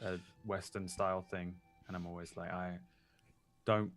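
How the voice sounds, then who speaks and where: A man as a player in a tabletop role-play, talking in a quick, laughing, rambling way. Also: deep voice, level tone, over music.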